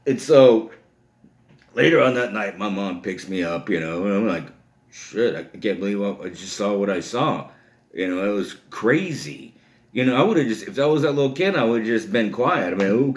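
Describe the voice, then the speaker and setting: A man's voice: mid-range voice, lively intonation, normal speed. A middle-aged man, telling an old story in a casual, rambling way, full of "you know.". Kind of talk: casual spoken anecdote. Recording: roomy echo.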